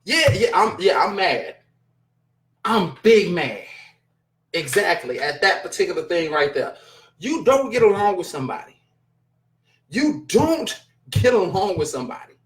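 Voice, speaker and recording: A man's voice: high voice, big pitch swings, moderate pace, fairly bright tone. A man hosting his own show, talking casually to his chat in a blunt, profane, exasperated rant. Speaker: show host reading chat. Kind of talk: casual live-stream commentary.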